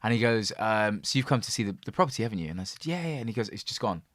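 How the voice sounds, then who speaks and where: A man co-hosting a podcast, telling stories in a lively casual way and laughing often. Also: fairly low pitch, very fast, no room sound, studio quality. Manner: animated storyteller, laughs often. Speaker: podcast co-host. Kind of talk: casual chat.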